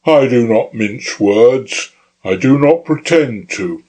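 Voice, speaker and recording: A man's voice: medium pitch, animated, takes it slowly, darkish tone, rough recording. A man voicing a fiery young male anarchist orator, speaking in a rousing, declamatory way. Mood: dignified.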